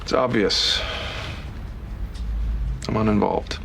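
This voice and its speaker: An actor playing a cool, blunt male advertising executive who speaks in short, flat pronouncements. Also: on the low side, takes it slowly, creaky, background noise. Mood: cool, dismissive.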